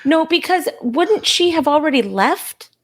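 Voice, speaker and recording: A woman co-hosting a podcast in casual chat, quick to interject and laughing often. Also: high voice, lively intonation. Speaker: podcast co-host.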